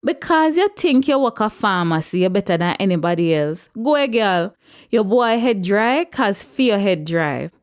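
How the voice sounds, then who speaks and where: A woman's voice: expressive, unhurried, hardly any pauses, clear, resonant tone, natural voice. A woman reading aloud voices a brash, indignant woman who puts on fake American airs slipping through. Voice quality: shrill, sassy.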